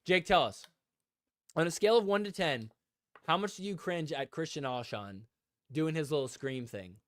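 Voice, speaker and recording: A man's voice: on the high side, animated, normal speed, dry recording. Man, live-stream host, casual rambling chat, addresses chat, dry close sound. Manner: rambling, lots of filler "like"; talks to viewers in the chat. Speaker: podcast host.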